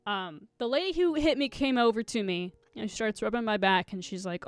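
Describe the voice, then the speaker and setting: A woman's voice: mid-range voice, fairly quick, few pauses, smooth, no room sound. A young woman streaming live, telling a rambling story to her chat, swearing a lot and close to tears.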